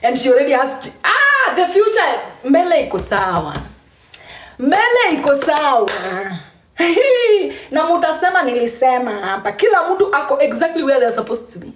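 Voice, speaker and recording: A woman's voice: sits high, sing-song, moderate pace, roomy sound, a little hiss or hum. A woman with a Kenyan accent talking casually on a live stream, laughing often and repeating phrases for emphasis.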